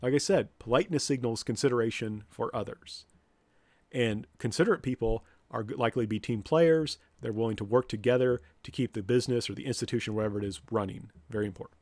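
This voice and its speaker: A man's voice: medium pitch, fast talker, no room sound. A man, a professor, lecturing students bluntly and directly, now and then acting out what people say. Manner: blunt, direct, with lively mock-quotes.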